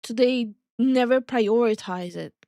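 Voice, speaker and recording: A woman from Estonia talks on a live stream in a blunt, opinionated way, swearing freely as she co-hosts. Her voice sits a little high. The sound is dry and close to the mic. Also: a little slow, dark tone, no echo. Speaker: VTuber streamer and co-host. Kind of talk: casual stream chat.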